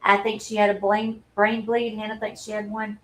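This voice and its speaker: A woman, telling a personal story in a halting, earnest and openly emotional way on a livestream. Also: medium pitch, little pitch movement, slight background noise, low-quality recording. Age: 40s. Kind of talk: candid personal livestream talk.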